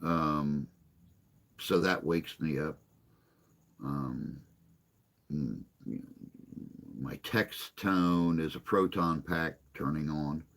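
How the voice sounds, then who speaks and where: A man's voice: extremely low pitch, slow, long pauses. A man hosting a morning live stream, chatting casually and joking with viewers in a rambling way. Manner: rambling, joking, reads and answers chat.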